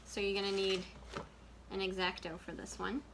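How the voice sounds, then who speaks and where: A woman's voice: medium pitch, little pitch movement, normal speed, a bit bright, slight background noise. A woman working as a children's librarian, giving a casual, chatty craft tutorial and laughing often. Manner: chatty, giggly, full of fillers.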